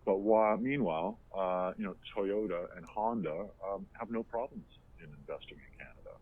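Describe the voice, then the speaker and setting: A man's voice: low-pitched, normal speed, slight background noise. A man co-hosting a podcast in casual, opinionated chat, rambling with lots of fillers and restarts, heard over a tinny phone-like line. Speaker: podcast co-host.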